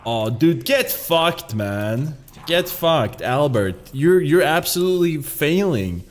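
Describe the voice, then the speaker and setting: Streaming a game, a man talks in a rather high, animated voice and takes his time. His chat is loose and rambling, full of jokes, profanity and frequent laughter.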